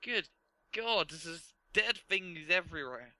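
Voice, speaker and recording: A man's voice: a little high, lively intonation, measured pace, bright, forceful tone, low-quality recording. A man commentating a strategy game match in a casual, laughing way. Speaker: game caster. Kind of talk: esports commentary.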